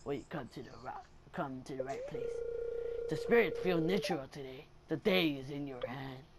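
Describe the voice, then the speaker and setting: A solemn, mystic fortune teller who intones the future in a low, hushed voice, as a young man reads the lines aloud during a game. Steady background noise runs under the recording. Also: normal speed, natural voice. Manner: reading on-screen text aloud in a lowered voice. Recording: noisy home recording.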